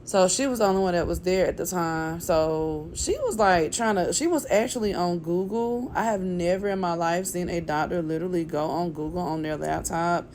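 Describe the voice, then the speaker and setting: A woman vlogger tells a personal story in a casual, chatty way, acting out what other people said and leaning heavily on "like" and "you know." Her lowish, darkish voice moves at a moderate pace with hardly any pauses, over slight background noise.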